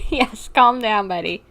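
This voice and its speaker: A woman's voice: on the high side, fairly bright tone. A young woman streaming a video game, gushing and giggling over the characters. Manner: giggly, gushing fan chatter. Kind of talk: live game commentary.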